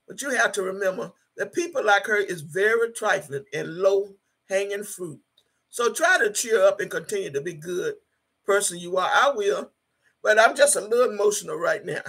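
An older woman in her sixties chats on a livestream from home, reading comments aloud. Her voice is raspy and gravelly with a tense, bright edge. She talks bluntly, swears freely and repeats her points for emphasis. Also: medium pitch, expressive, moderate pace. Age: 60s. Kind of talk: casual livestream chat.

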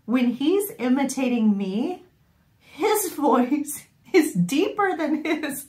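Woman vlogger, wry storyteller, slow easy delivery, echoey room. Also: high-pitched. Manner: wry and animated, often laughing. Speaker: sewing vlogger. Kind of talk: casual storytelling to camera.

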